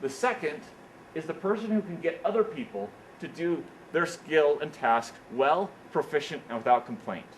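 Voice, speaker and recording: A man playing a stern, decisive older company head in a story he tells, speaking in a brisk, commanding way. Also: a little high, lively intonation, a little hiss or hum, lightly acted, poor audio.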